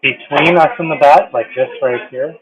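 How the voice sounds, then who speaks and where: A man playing a tabletop game, tossing in quick wry asides. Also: a little high, slightly rough. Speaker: player. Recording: dull lo-fi mic.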